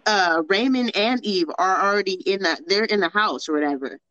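A woman's voice: mid-range voice, brisk, fairly bright tone, no echo. Woman steering a movie chat, dry lo-fi sound. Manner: steers the talk, hesitant restarts. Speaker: podcast co-host. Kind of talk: casual movie discussion.

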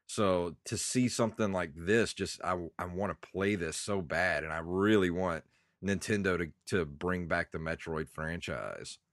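A congested man with a deep, low voice rambles nostalgically as a podcast co-host. His sound is close and dry, with no room around it. He talks casually and laughs easily. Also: measured pace, a bit bright, no echo. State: congested, coughing. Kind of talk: casual chat.

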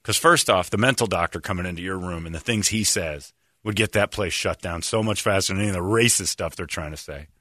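A man's voice: low-pitched, brisk, bright, forceful tone, no room sound, clean studio sound. A man, a show host, delivering a sarcastic comedic rant and mockingly mimicking other people in exaggerated voices.

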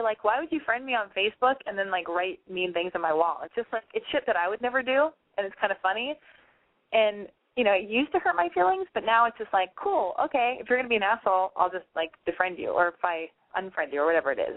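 A woman's voice: medium pitch, animated, quick pace, dry recording. A young woman hosting a call-in show, chatting casually and rambling, swearing often and filling with "like". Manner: chatty, swears a lot, many likes. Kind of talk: casual chat, profane and rambling. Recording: dry tinny phone-like sound.

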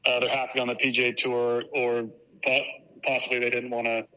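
A man from Virginia, a professional golfer, answering interview questions in a relaxed, thoughtful way with fillers. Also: medium pitch, a little fast, low-quality recording. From Virginia, United States.

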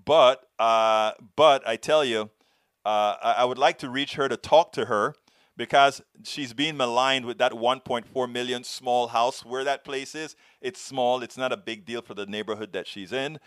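A man with a foreign accent hosting a show, telling a story in earnest, halting commentary. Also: medium pitch, a bit bright, smooth, no echo, clean studio sound. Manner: earnest, halting, many restarts. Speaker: show host answering viewer questions.

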